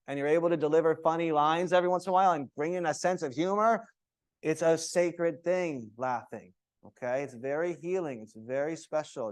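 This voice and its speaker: Male yoga teacher trainer, slightly high voice, emphatic lecturing to a live class. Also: clean tone. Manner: animated, emphatic, checks in with "okay?".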